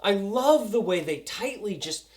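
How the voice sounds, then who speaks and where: A young man reviewing a TV episode, excitable and goofy, acting out scenes as he goes. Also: sits high, measured pace. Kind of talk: casual review vlog.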